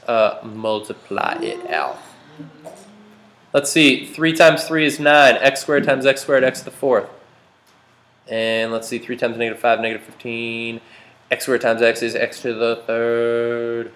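A man's voice: mid-range voice, a little slow, fairly bright tone. A man teaching a math class, joking and quizzing his students as he works problems. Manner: playful, jokey, asks the class questions. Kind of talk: classroom lecture.

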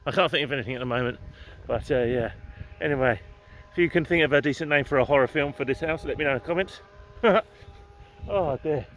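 A man's voice: mid-range voice, a little fast, a bit bright, slight background noise. A man with an English accent, chatting casually and rambling as he walks outdoors through gardens for a vlog, with the odd swear word. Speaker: vlogger. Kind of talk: casual walking-tour vlog. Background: faint outdoor ambience with distant garden machinery.

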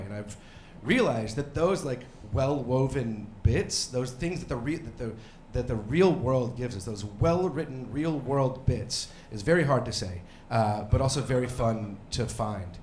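A man in his thirties performing a stand-up comedy set, rambling and self-deprecating, now and then breaking into mock yelling. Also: mid-range voice, expressive, unhurried, slight background noise. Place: comedy club stage. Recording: roomy club with faint crowd ambience.

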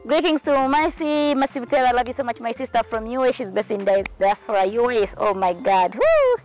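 High-voiced woman ranting to camera. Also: fairly even intonation, brisk, darkish tone, soft background music, poor audio. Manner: outspoken, scolding and emphatic. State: sweating in the heat. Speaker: vlogger. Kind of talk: casual vlog rant.

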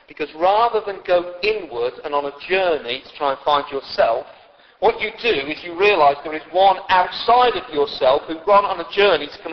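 A man from Britain preaching a sermon, animated and joking with his congregation. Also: on the high side. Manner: lively preaching with humorous asides to the congregation. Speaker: pastor. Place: church hall with long reverb. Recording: dull church recording with reverb.

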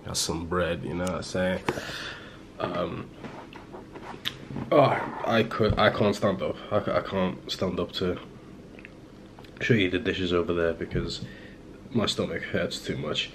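A man's voice: deep voice, fairly even intonation, takes it slowly, pauses often, background noise. A young man from Liverpool chatting to his camera at home in a rambling, self-mocking way, full of fillers and restarts. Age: young adult. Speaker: vlogger. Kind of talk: casual rambling vlog chat. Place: at home indoors.

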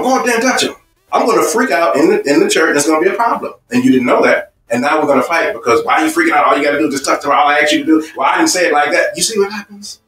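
Recorded from afar in a reverberant seminar room, the low-quality audio carries a man's mid-range, fairly bright voice. He leads a marriage seminar, repeating himself emphatically, stacking phrases, and drawing on personal stories.

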